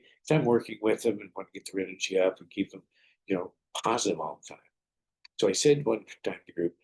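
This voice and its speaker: Male podcast host, husky and low-voiced, earnest storyteller with preacherly advice. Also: darkish tone. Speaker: podcast host and martial arts teacher. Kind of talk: motivational podcast monologue.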